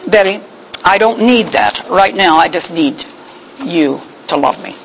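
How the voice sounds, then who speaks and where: Woman putting on a weary husband: low, hushed, beaten down. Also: lively intonation, very fast, a little hiss or hum, close to an everyday voice, poor audio. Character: weary, subdued husband, a middle-aged man.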